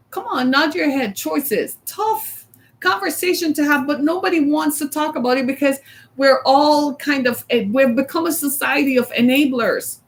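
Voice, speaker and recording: A middle-aged woman giving a motivational talk to an audience, emphatic, often repeating one key word and acting out quoted lines. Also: high voice. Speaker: speaker.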